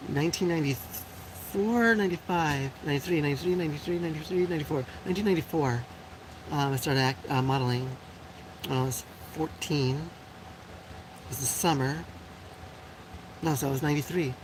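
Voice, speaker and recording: A woman's voice: low-pitched, brisk, pauses often, background noise. A woman in her forties hosting a live stream and chatting casually with viewers. She answers comments bluntly, with lots of fillers and frequent laughs. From Puerto Rico. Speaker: live show host.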